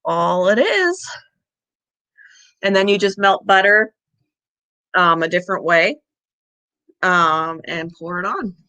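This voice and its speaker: Middle-aged woman, pet channel host, out of breath, chatty and bright-toned. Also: animated, takes it slowly, pauses often, rough recording. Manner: chatty, baby-talks her pets in a high voice. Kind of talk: casual live-stream chat.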